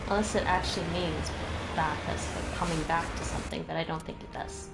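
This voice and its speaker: A woman's voice: low voice, steady tone, fairly quick, vocal fry, over music. A woman with a Midwestern American accent chatting casually with her stream while playing a game, musing aloud and answering chat. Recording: noisy background hum.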